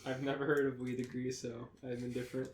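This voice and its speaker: A man co-hosting a casual podcast, talking in a dry, understated, low-key way. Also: completely flat delivery, fast talker, slight background noise. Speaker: podcast co-host.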